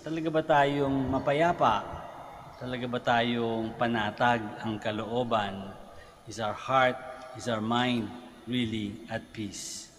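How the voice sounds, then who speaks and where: Filipino priest preaching in a reverberant basilica. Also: male voice, mid-range voice, steady tone, unhurried, a bit bright, slight background noise. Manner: switches between Tagalog and English, repeats phrases for emphasis. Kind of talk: homily at Mass. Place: large basilica church. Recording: long church reverb, faint ambience.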